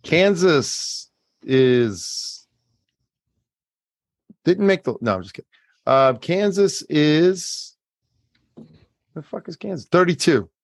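Guy hosting a podcast quiz, kinda high voice, teasing the answers out, dry sound. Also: expressive, takes it slowly, gravelly, pauses often, no room sound. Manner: teasing, game-show style reveals. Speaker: podcast host running a quiz. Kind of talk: casual banter.

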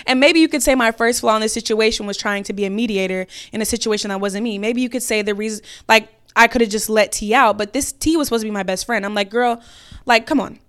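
A woman's voice: medium pitch, fast, few pauses, smooth. A young woman hosting a podcast, telling a personal story in a casual way, swearing and acting out what people said. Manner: animated, swearing, acts out quotes. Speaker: podcast host.

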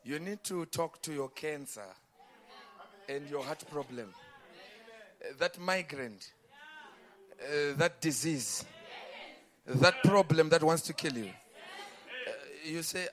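A man delivers a sermon in a high, bright voice. He drops to low, quiet talk, then climbs into loud, shouted preaching. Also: slow, long pauses.

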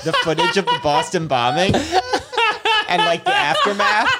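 Male podcast co-host, slightly high, lively pitch, laughs through his stories. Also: normal speed, heavy background noise. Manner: animated storyteller, laughs often. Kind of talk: casual comedic chat.

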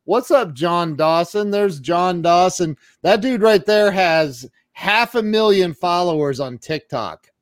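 A man's voice: high-pitched, expressive, takes it slowly, hardly any pauses, no room sound. Chatty, joking man hosting an interview. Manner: jokey, chatty, greets viewers by name. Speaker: podcast host. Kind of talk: casual live-stream interview.

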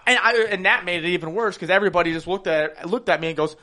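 Young man, podcast co-host, loud animated storyteller, high voice. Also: very fast. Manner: loud, animated storytelling, swings between shouting and muttering. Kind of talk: casual podcast banter.

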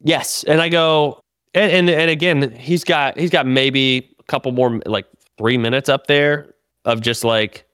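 A man, a comedian and podcast host, telling a story in casual chat, animated and full of swearing and restarts. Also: medium pitch, measured pace, clean tone, no echo, clean studio sound.

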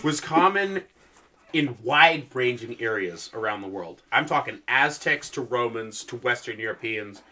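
Man, podcast co-host, lively pitch, bright, casual swearing chat. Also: moderate pace. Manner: lively, swearing, laughs often. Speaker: podcast co-host presenting the topic. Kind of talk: casual podcast banter with research notes. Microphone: podcast microphone.

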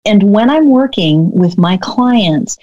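A woman business coach telling a story in a podcast interview, animated and acting out the dialogue. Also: medium pitch, slow, dry recording, muffled recording.

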